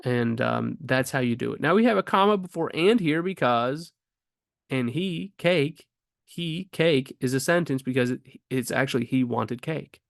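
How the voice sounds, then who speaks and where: A man's voice: medium pitch, lively intonation, normal speed, gravelly, few pauses, no room sound, studio quality. A man teaching grammar casually, thinking aloud with frequent ums and restarts. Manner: rhetorical questions asked with rising emphasis.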